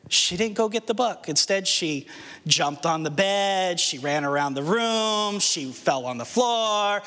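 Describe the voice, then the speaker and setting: High-voiced man preaching in a hall. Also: sharp tone. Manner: earnest preaching with rhetorical questions and dramatic slowdowns. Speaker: pastor. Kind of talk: sermon.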